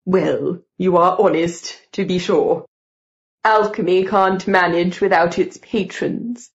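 A woman's voice: lowish voice, slow pace, muffled recording. A woman voicing a stout, jovial old lord with a pompous, slightly uneasy way of talking.

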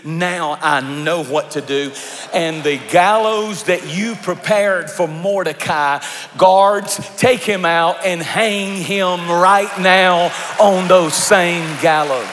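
A man's voice: high-pitched, fairly even intonation, slow, slight background noise. Preacher doing a furious ancient king, barking orders to guards, roomy church hall echo. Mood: furious command. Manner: commanding, rising to forceful orders. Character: angry ancient king, grown man, commanding.

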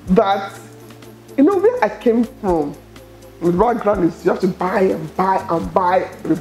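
A middle-aged Nigerian woman telling her story as an interview guest, expressive and quick to laugh. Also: medium pitch. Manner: expressive, laughs often, acts out quoted dialogue. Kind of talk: animated personal storytelling.

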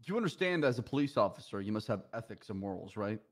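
A man's voice: fairly low pitch, big pitch swings. Man playing a probing police interviewer. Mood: stern. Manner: measured, probing questions. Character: deliberate male police officer running a job interview. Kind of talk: improvised police role-play.

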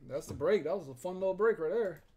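Excitable host of a card-break stream. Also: mid-range voice, fast talker, a little hiss or hum. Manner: excitable, exclaims over pulls. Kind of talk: live card-break commentary.

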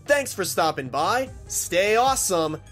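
Brief: high-voiced male let's-play host, excitable, trash-talks bosses, faint game music behind. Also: unhurried. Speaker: gaming channel host.

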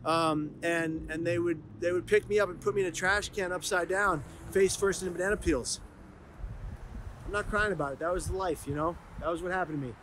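A man's voice: high-pitched, fairly even intonation, fairly quick, fairly bright tone, slight background noise. Earnest, emotional man vlogging. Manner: earnest, emotional, heartfelt confessional. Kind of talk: personal vlog monologue.

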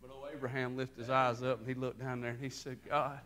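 A man preaching a sermon as pastor, telling the story with lively acted-out voices. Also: mid-range voice, quick pace, slight background noise. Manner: animated storytelling, acting out voices with rising intensity.

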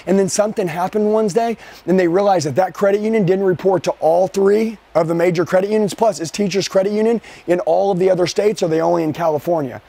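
A man with a high voice running a live sales training for a team. He coaches forcefully and keeps throwing rhetorical questions at the room. He shifts his pace, rushing some lines and drawing others out for emphasis. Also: creaky. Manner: speeds up and slows down for emphasis.

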